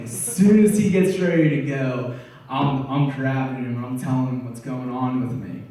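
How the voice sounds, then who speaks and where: A young man giving a personal testimony at a church service, telling his story with excitement and acting out conversations with frequent laughter. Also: mid-range voice, distant mic. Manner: earnest, excitable, laughing often. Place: church sanctuary. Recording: echoey church, voice off-mic.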